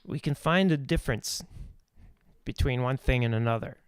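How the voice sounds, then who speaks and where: A man's voice: medium pitch, normal speed, smooth, no echo, studio quality. A man teaching singing technique on a live stream, explaining ideas aloud with restarts and small sung demonstrations.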